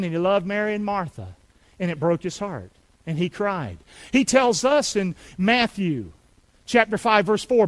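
A man preaching a sermon with call-and-response, swinging between shouted lines and hushed, slow passages. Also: high-pitched.

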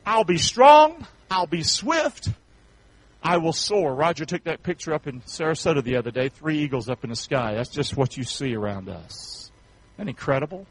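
A man's voice: medium pitch, brisk, slightly rough, low-quality recording. A man from North Carolina with a Southern accent, preaching a folksy sermon as pastor, calling out to the congregation for amens. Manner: folksy, swings from shouts to soft asides, calls for amens.

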